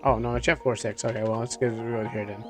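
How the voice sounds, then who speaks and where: A man's voice: mid-range voice, steady tone, fast talker, over music. A man streaming a game live, chatting and commenting with many restarts.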